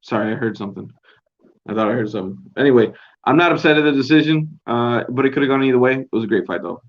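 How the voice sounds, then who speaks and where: A young man talking at a middle pitch, rambling through a casual solo recap and swearing freely. He sounds laid-back and loose. The home recording is dull and lo-fi. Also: fast. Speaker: podcast host.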